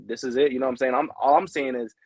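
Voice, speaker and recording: A man's voice: mid-range voice, fairly even intonation, rapid-fire, a little mellow, husky, no echo. Talk it through loosely and earnestly as a young guy on a podcast, voice dry and close. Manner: rambling, peppered with "you know what I mean"; earnest and heartfelt. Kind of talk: casual podcast chat.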